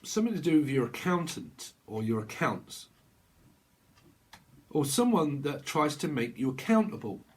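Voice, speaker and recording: A man, talking in a fairly high voice. He gives a casual tarot reading in a loose, slangy way and swears now and then. He keeps acting out little exchanges between people. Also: normal speed. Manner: animated, slangy, acts out little dialogues; laughs often, swears casually. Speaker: tarot reader.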